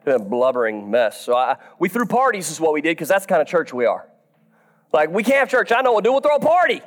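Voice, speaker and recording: A man, a pastor telling a self-deprecating story in a sermon, moving from soft asides to shouted high points. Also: very animated, fast.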